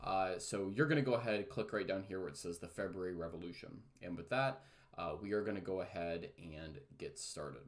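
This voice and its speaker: A man teaching a recorded online lesson in a casual, chatty way, with lots of fillers and jokes at his own expense. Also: low voice. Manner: chatty, many fillers, self-mocking jokes.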